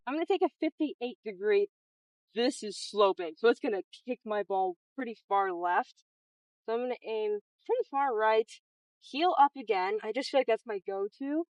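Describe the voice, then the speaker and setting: A young golf vlogger narrates her round on an outdoor course at dusk, chatting and coaching herself through each shot while out of breath from running between them. Her voice is on the high side, expressive and a little mellow at normal speed, with no room sound in a low-quality recording.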